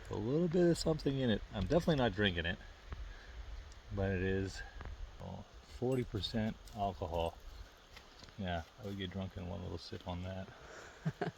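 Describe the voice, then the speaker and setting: A man with a low, gravelly voice chats easily through a camping vlog by a lake. His talk is relaxed and friendly, with faint outdoor noise in the background. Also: normal speed, long pauses. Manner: chatty, easygoing, laughs often. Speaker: vlogger. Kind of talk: casual outdoor vlog narration. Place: outdoors at a lakeside campsite.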